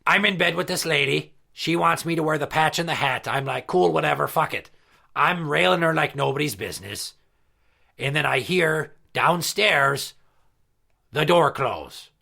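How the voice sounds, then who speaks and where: A crude, boastful pirate entertainer, played by a man, talking in a gravelly, bright voice slightly above the usual male range. He swears freely and spins his stories with swagger. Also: fairly high pitch, moderate pace, full character voice. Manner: crude, profane storytelling. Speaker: regular character. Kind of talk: comedy podcast skit.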